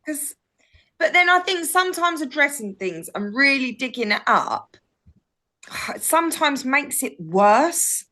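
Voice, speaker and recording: A woman's voice: high-pitched, sing-song, unhurried, bright, forceful tone. A woman, chatting casually as a podcast guest and telling stories animatedly. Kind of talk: casual chat.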